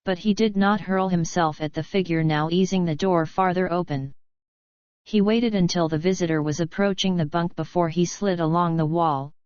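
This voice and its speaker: A woman narrating an adventure novel in an audiobook with a steady, measured reading. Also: lowish voice, clear, resonant tone, dry recording, dull audio. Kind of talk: scripted narration.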